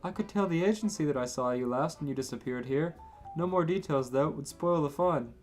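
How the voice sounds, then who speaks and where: A man doing a young wizard who teases with an easy amusement. His reading sits a little high, with faint music behind. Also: a little fast, a little mellow, close to an everyday voice. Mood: amused. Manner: amused, lightly joking.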